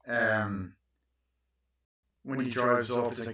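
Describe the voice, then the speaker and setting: A young man in his twenties recapping a movie in casual, profane chat, acting out lines in high voices. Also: normal speed, a bit bright. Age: 20s. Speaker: movie reviewer. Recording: echoey, distant, muffled room recording.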